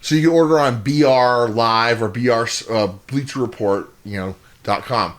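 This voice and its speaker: A man's voice: mid-range voice, moderate pace. A man co-hosting a podcast, telling a long exasperated story in casual, profane chat with lots of rambling restarts. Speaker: podcast co-host.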